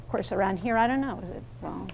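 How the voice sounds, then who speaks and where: A woman's voice: medium pitch, fast, creaky, darkish tone, a little hiss or hum. A woman presenting an interactive parenting workshop, speaking emphatically and questioning her audience in a meeting room. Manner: emphatic, quizzes the audience, role-plays lines to kids.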